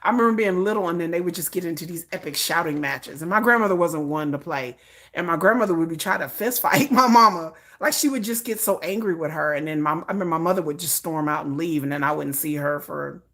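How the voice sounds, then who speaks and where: In a low voice and a little fast, a woman chats on a live stream, animatedly telling personal family stories. Laughter comes often, and she frequently restarts or repeats phrases.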